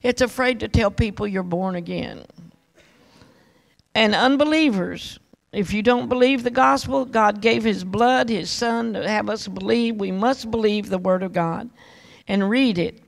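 Older woman preacher, very gravelly voice, fervent and pleading, uses endearments. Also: medium pitch, unhurried, rough recording. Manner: fervent, calls listeners honey and baby doll. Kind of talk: sermon.

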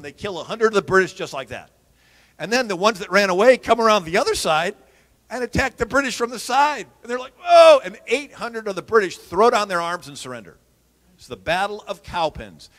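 A man giving an animated storytelling talk as a historian, punctuating his account with vivid sound effects. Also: on the high side, in a large hall.

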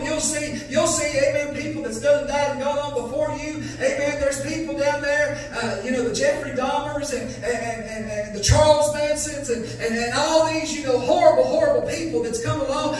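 A male evangelist preaching a fiery revival sermon, building to shouted, sing-song chanting. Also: very high-pitched. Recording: echoey church hall from far off, faint music.

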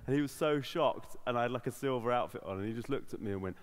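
A man with a South London accent telling stories in a stand-up comedy set, animated and prone to slipping into put-on voices. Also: medium pitch, fast, hardly any pauses, noisy background. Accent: South London English. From England. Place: comedy venue with audience.

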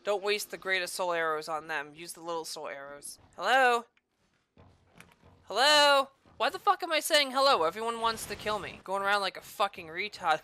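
A young woman streaming a game and commenting crudely and excitably, yelping and swearing as she plays. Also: medium pitch, moderate pace, clear, resonant tone. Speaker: gaming streamer. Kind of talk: profane let's-play commentary.

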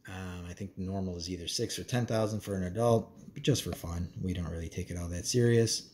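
A man's voice: low voice, fairly even intonation, brisk, a little mellow, slight background noise. A man giving a casual, meandering product review as a parent, with frequent ums and uhs. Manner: laid-back, meandering, many ums and uhs. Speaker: parent reviewing a kid's smartwatch.

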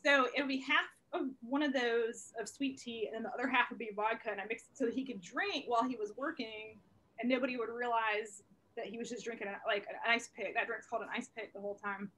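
A young woman, a comedian guest on a video call, telling stories in a lively, profane, laughing way. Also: a little high, fast talker, a little hiss or hum. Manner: animated, profane, laughing storyteller. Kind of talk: casual storytelling interview.

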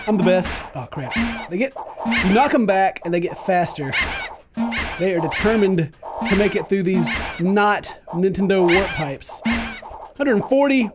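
A man hosting a gaming video, commenting on his play with sudden yelps, shouts and laughs, and gloating like a mock villain in between. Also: high voice, a little slow, over music. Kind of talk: excitable gameplay commentary.

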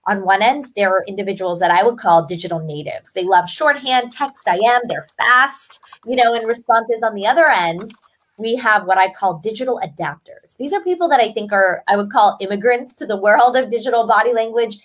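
A woman's voice: medium pitch, brisk, a bit bright. Upbeat articulate woman author. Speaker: author and guest. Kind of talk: podcast interview.

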